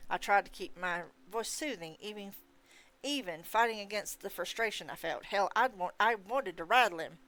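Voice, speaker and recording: A woman hosting a live reading of a novel, narrating in first person with expressive delivery. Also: mid-range voice, normal speed. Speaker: host reading a novel on livestream.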